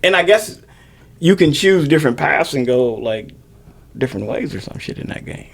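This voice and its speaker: A middle-aged man co-hosting a casual podcast, his pitch swinging widely as he banters. He swears constantly and talks with loose, animated energy. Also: normal speed, vocal fry. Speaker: podcast co-host. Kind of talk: casual chat.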